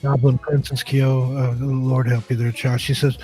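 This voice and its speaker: A man's voice: mid-range voice, flat delivery, moderate pace, warm tone, husky. Man, show host, scratchy throat, easygoing, rambling, faint music behind. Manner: easygoing, joking, rambling with restarts. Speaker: podcast host. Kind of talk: casual live-stream chat.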